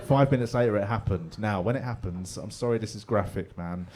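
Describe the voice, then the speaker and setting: A man's voice: on the low side, fairly quick, a crowd in the background. Man in his forties doing stand-up. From England. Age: 40s. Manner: animated storytelling with mock voices and exclamations. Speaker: stand-up comedian. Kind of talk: stand-up comedy set. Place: pub comedy room with live audience.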